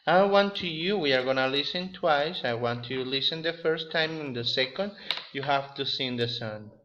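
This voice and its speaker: A man's voice: mid-range voice, fairly bright tone, muffled recording. A man with a Mexican Spanish accent teaching an English class to young students, giving simple, repetitive instructions with small slips.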